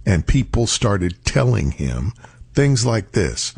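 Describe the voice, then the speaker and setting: A man with a low, husky voice speaks in a reflective motivational monologue. He tells stories, acts out the voices of the people in them, and slows right down to press a point home. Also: very animated, a little mellow. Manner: storytelling, acts out quoted voices, slows for emphasis. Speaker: speaker giving a talk.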